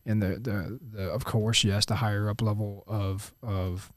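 Low-voiced man hosting a casual interview. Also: level tone, unhurried, no room sound. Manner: earnest, rambling questions. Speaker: podcast host.

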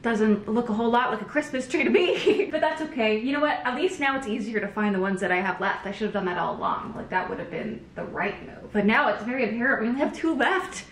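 A woman's voice: a little high, expressive, quick pace, few pauses, a little hiss or hum. A young woman vlogging at home in a chatty, giggly way, recorded on her camera's built-in microphone. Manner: chatty and giggly, rambling asides. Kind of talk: casual vlog chat. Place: at home, indoors. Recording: echoey room on a camera mic.

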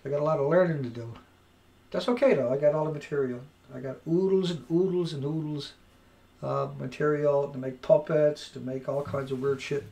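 Loud, swearing man ranting. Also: a little high, a little fast, gravelly. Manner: profane, shouting and then dropping to quiet. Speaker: video blogger. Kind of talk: angry ranting monologue. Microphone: home recording mic.

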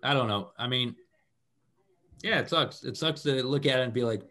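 A male co-host on a sports talk panel who hedges his points and keeps saying he doesn't know. His voice sits at an everyday middle pitch. He sounds relaxed as he chats in a small studio. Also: normal speed. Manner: hedging, full of "I mean" and "I don't know". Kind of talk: casual sports debate. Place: small public-access TV studio.

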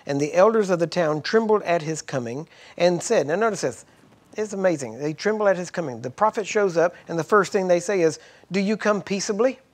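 A man with a slightly higher-than-usual voice preaches from scripture. He reads the old verses aloud, then stops to stress points to his audience in plain talk. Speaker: Bible teacher. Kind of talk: sermon teaching from scripture.

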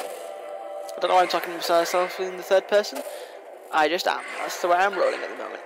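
A young man casually commentating a video game, talking fast, rambling and taunting the boss. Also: high voice, vocal fry, over music. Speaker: gameplay commentator. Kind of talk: casual let's play commentary. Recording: noisy home recording.

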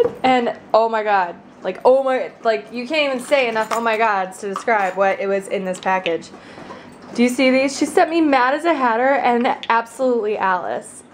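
A woman's voice: high-pitched, slight background noise. Bubbly young woman vlogging. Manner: bubbly, gushing, many likes and fillers. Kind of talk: casual vlog chat. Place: car, then bridal shop. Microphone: handheld camera.

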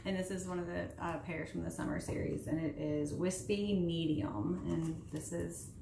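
A woman in her late thirties, a beauty vlogger, chatting casually while doing her makeup at home. She is animated and sarcastic as she vents. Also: lowish voice, moderate pace, gravelly, echoey room, slight background noise. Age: 30s. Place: home room.

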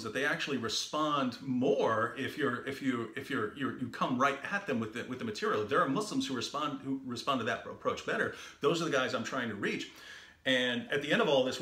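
Guy telling a story, does the back-and-forth dialogue with punch, bright voice, echoey room. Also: mid-range voice, a little fast. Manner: acts out quoted dialogue with animated emphasis. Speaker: co-host of a video series. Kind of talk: casual anecdotal storytelling.

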